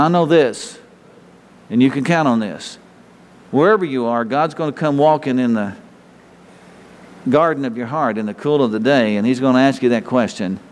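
A man's voice: mid-range voice, a little mellow. A man preaching a sermon in a folksy, conversational way, often restarting phrases and chuckling. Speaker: pastor. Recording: reverberant hall.

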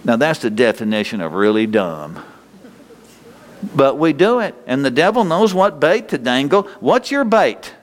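A man's voice: mid-range voice, big pitch swings, measured pace. Middle-aged male preacher, folksy, full of rhetorical questions, reverb from a large hall. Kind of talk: sermon.

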